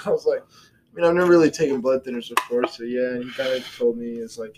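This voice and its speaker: A man's voice: medium pitch, fast, darkish tone, slight background noise, poor audio. A young man in his twenties hosting a casual podcast chat, telling loose, profane stories and acting out what people said. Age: 20s. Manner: loose storyteller, swears freely, acts out quotes. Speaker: podcast host.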